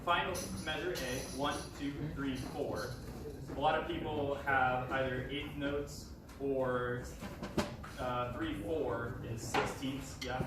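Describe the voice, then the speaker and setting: A man leading a band rehearsal, giving encouraging instructions, counting the players in and singing their parts. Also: medium pitch. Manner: encouraging, counts in and sings passages. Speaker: band director. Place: large echoey rehearsal room. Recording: echoey room from far off, noisy.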